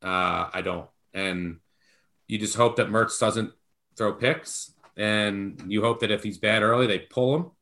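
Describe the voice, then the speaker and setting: A man's voice: lowish voice, steady tone, a little slow, creaky, bright, forceful tone. A man co-hosting a sports betting podcast, talking emphatically with a jokingly apologetic edge. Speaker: podcast co-host, betting analyst. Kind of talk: casual sports betting chat.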